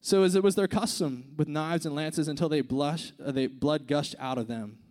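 A man preaching a casual, conversational sermon, dropping to hushed tones and rising to emphatic points. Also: fairly high pitch, moderate pace.

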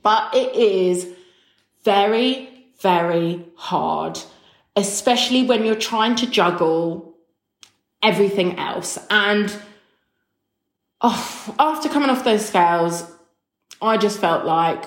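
A woman's voice: medium pitch, lively intonation, slow pace, pauses often, reverberant. A woman hosting a podcast, talking frankly and emotionally in a chatty way. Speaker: podcast host. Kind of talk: candid solo podcast talk.

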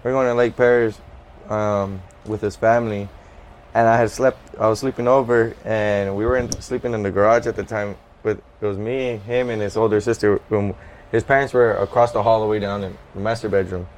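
A man who is a podcast guest, telling a story casually and haltingly. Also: fairly low pitch, fairly even intonation, slight background noise, rough recording. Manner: hesitant, many fillers and restarts.

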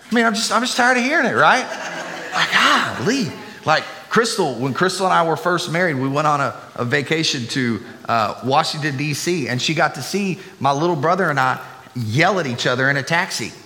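A middle-aged man with a drawl delivers a sermon, slipping into playful asides between points. His voice sits a touch high and rings bright and forceful. It carries through a church hall with a long reverb tail over faint room ambience. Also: lively intonation, a little fast. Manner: chatty, joking asides to the congregation. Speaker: pastor. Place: church sanctuary.

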